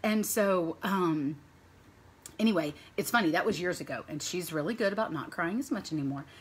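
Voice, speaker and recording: A woman's voice: fairly low pitch, normal speed, slightly rough. A woman in her thirties telling parenting stories in a casual vlog monologue, chatty and rambling, linking her thoughts with "and so.". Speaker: mother sharing parenting stories.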